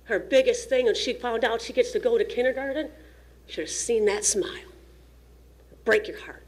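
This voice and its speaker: A woman with a somewhat high voice, speaking at normal speed, gives an impassioned, pleading public comment at a school district meeting. Emotional, nervous and shaking, she talks into a podium microphone.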